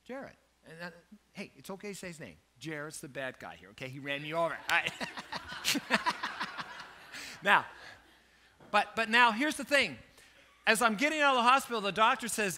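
High, sharp-voiced male pastor preaching. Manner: storytelling, animated, self-joking. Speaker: lead pastor. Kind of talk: sermon.

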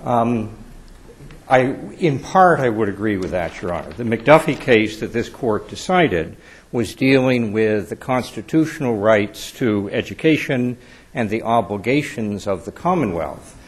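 A man speaking as an attorney in court, giving a measured, deferential formal legal argument. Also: fairly low pitch, expressive, husky. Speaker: attorney arguing before an appeals court.

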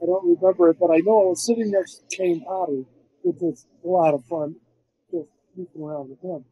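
An older man, a film composer, telling rambling, animated stories in a casual interview, with many restarts and fillers. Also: high-pitched, brisk, slightly rough, narrow, tinny audio.

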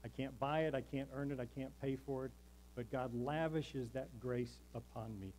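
A man preaching from the pulpit of a church. He is emphatic and rhythmic and leans on repeated lines. He calls out to the congregation for an answer. His voice sits at an ordinary middle pitch for a man. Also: steady tone, moderate pace, a little mellow, low-quality recording. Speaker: pastor. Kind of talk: sermon. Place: church sanctuary.

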